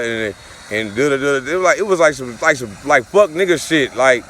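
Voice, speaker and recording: A man's voice: medium pitch, lively intonation, a little fast, fairly bright tone, slight background noise. A father telling a personal story in a casual, profane, repetitive way, looping back over the same phrases.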